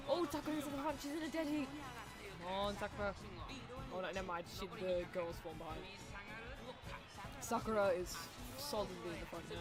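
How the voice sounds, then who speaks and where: A woman streaming a racing game, chatting casually with viewers and cheering on her runners with excitement. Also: mid-range voice.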